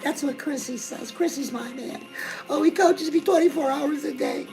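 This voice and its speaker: Woman host, middle-aged, high and gravelly, gushing chatter aimed at her girls. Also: moderate pace, a little mellow, soft background music, rough recording. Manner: gushing, chatty, keeps calling the viewer girl. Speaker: fitness and lifestyle show host. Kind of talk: comedic character monologue.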